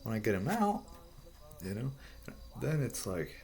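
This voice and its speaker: A man explaining a drawing in a rambling, halting way, swearing often and restarting his sentences. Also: fairly low pitch, sing-song, darkish tone. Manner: profane, halting, full of restarts.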